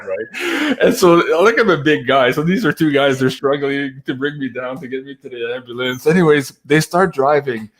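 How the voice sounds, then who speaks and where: A man's voice: mid-range voice, moderate pace. Laughing man telling a story. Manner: animated, laughs often while telling a story. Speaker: guest. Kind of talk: casual storytelling on a livestream.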